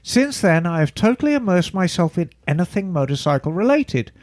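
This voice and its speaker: Playful high-pitched man reading mail. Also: sing-song, a little fast, darkish tone, dry recording, clean studio sound. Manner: playful, breaks into mock British asides while reading. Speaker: podcast co-host. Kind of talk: casual chat, reading listener email aloud.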